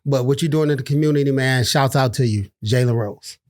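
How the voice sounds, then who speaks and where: A man's voice: medium pitch, a little fast, a little mellow, no echo, studio quality. A middle-aged man from Detroit, co-hosting a sports podcast in laid-back casual chat, dropping "man" often. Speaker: podcast co-host.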